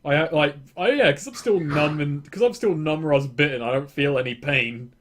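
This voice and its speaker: A man's voice: a little high, moderate pace, a bit bright. A man playing a tabletop game in casual chat, chatty and asking about the rules. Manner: chatty, rule questions, restarts. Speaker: player.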